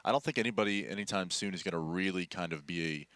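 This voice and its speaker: This esports commentator has a deep, somewhat bright voice and talks at a quick pace, with no room sound on his headset mic. He analyzes the live match thoughtfully yet haltingly, using plenty of fillers as gunfire from the game plays in the background.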